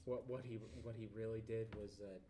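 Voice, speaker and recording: A man's voice: lowish voice, steady tone, normal speed, warm tone, a little hiss or hum. A young man playing in a tabletop game, joking around in a casual way. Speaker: player.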